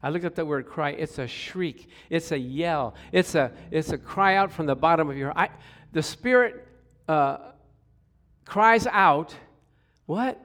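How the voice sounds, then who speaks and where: A middle-aged man preaching a sermon, telling stories with hushed asides and sudden loud exclamations, and calling out for responses from the congregation. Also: on the high side, unhurried. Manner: animated storytelling, swings from hushed to loud exclamations. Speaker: pastor.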